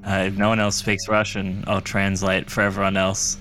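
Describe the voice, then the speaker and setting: Low-voiced man playing a tabletop game. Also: completely flat delivery, normal speed, a bit bright, faint music behind. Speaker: player. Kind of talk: in-character tabletop play.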